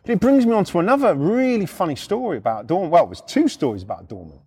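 A middle-aged man from the UK telling rough personal stories in a rambling, profane, lively way. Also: sits high, quick pace. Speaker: storyteller. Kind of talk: casual anecdote.

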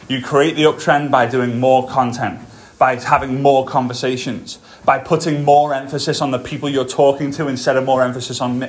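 A man hosting a motivational podcast, talking straight to his listeners in an emphatic coaching manner, a little out of breath. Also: a little high. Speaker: podcast host.

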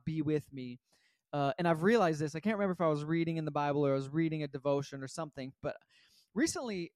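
A man with a fairly high voice tells a long personal story in a casual, rambling way, filling it with "like" and "right?". He is recorded close and dry. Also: no room sound. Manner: rambling, animated, full of "like" and "right?". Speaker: podcast host.

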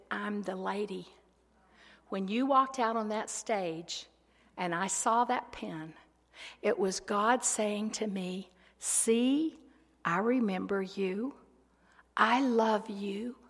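A woman preaching a sermon, swinging between loud ringing proclamation and hushed, whispered asides. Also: fairly high pitch, gravelly. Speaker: speaker. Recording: long hall reverb.

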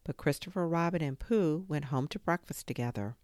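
A woman reading a children's story aloud as a storyteller, expressive and dramatic in her pacing. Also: sits low, a little fast, no room sound, studio quality.

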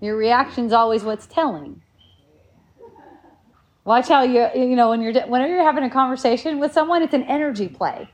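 Woman with a slightly high voice musing. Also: normal speed. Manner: rambling and reflective, with many restarts. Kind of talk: casual spiritual talk.

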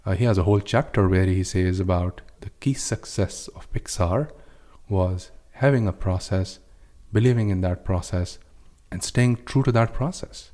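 Low mellow-voiced man telling a story. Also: moderate pace, hardly any pauses. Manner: storytelling, with "uh" fillers and restarts. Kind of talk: casual discussion.

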